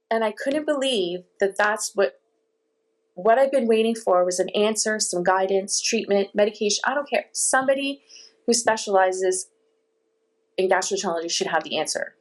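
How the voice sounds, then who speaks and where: A middle-aged woman telling her story as an interview guest, animated, laughing now and then and acting out what others said. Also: medium pitch, moderate pace. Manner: animated, with laughs and quoted dialogue. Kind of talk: casual storytelling.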